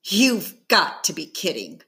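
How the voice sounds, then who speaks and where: A woman's voice: on the low side, wildly swooping pitch, measured pace, gravelly, exaggerated voice. A woman reading a curt, angry mother. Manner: curt and sharp. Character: upset, protective mother, middle-aged woman. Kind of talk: audiobook character reading.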